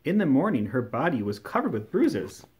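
A man reads a fairy tale aloud to children, his mid-pitched voice rising and falling with lively expression. He tells the story with care and clear storytelling emphasis. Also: normal speed. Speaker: storybook reader.

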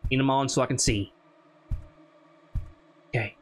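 A man playing a horror game and commenting as he goes, talking to himself and jumping to high squeals when scared. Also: fairly even intonation, measured pace, a bit bright, a little hiss or hum. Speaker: gaming YouTuber.

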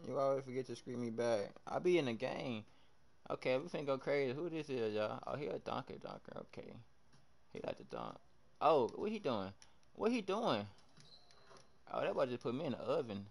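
Animated young male game streamer. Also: medium pitch, moderate pace, creaky. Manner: animated trash talk, reacting loudly to plays. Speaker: livestreamer. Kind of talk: live gameplay commentary.

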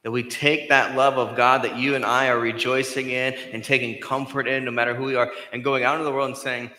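A male pastor preaching a sermon in a conversational way, rising to loud emphasis and dropping to soft, hushed lines. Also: medium pitch, flat delivery, a little fast, few pauses. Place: church sanctuary. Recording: echoey church hall.

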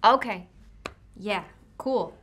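A woman's voice: medium pitch, very slow, a bit bright, husky. A woman playing in a tabletop game, bubbly and giggly as she speaks in character. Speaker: player. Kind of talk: in-character tabletop role-play.

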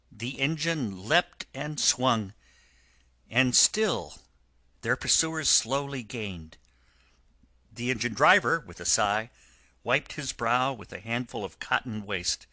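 A man narrating a classic children's story in a measured storytelling manner for an audiobook. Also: medium pitch, pushed and bright, no room sound. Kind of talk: scripted narration.

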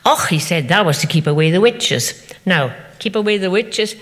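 A woman's voice: on the low side, animated, normal speed. Older woman telling stories in a hall. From Scotland. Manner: chatty anecdotal storytelling, acting out quoted voices. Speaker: festival speaker. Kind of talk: storytelling talk to an audience. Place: event venue. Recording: echoey hall.

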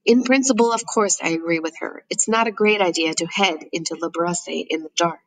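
A woman reading a first-person novel aloud as an audiobook narrator, in a steady, measured way. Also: fairly low pitch, no room sound, poor audio.

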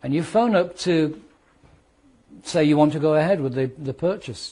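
Husky man lecturing on law. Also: fairly high pitch, moderate pace, long pauses. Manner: lively, asks the class rhetorical questions and acts out scenarios.

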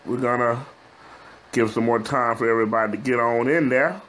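A man's voice: medium pitch, steady tone, brisk, a bit bright, slight background noise. A middle-aged man with a Texan accent, hosting a casual business-advice livestream in a chatty, folksy way, full of fillers and asides to viewers. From Texas. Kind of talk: casual live-stream talk to viewers.

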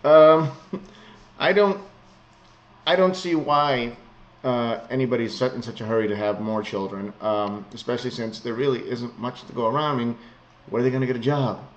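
Speaking in a steady, mid-range voice at a moderate pace, this news-reading vlogger offers blunt, sarcastic takes and frequently chuckles. The home recording is lo-fi and a bit muffled.

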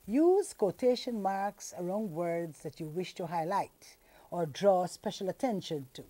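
Woman, from Guyana, slow scripted lesson narration, very animated intonation, deliberate dictation delivery. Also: on the low side. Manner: slow, deliberate reading with lively dictation-style emphasis. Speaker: teacher.

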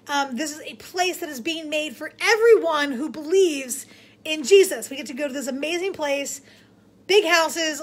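A young woman teaching a kids' Bible lesson in a bubbly, casual, excitable way. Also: sits high. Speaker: children's ministry teacher.

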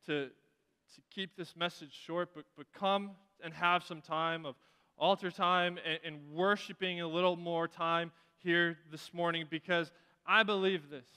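A man's voice: sits high, bright, forceful tone, clear, resonant tone. A man preaching a sermon in a church, telling a story earnestly and often restarting his phrases. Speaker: pastor. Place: church sanctuary. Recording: reverberant church hall.

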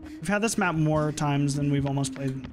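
A young man casually chatting and swearing while streaming a horror game, reacting loudly when frustrated. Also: a little high, normal speed, noisy background. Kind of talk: casual gaming stream chat.

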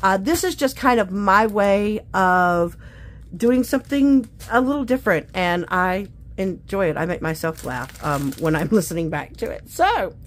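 A woman's voice: mid-range voice, lively intonation, measured pace. A woman chatting casually and directly to her viewers as a craft video host.

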